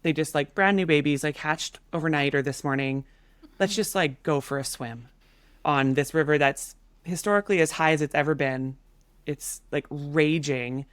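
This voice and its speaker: A woman in her thirties, a podcast guest, telling a story in a casual, animated way with many fillers. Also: low voice, normal speed, clean tone, no echo. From Canada.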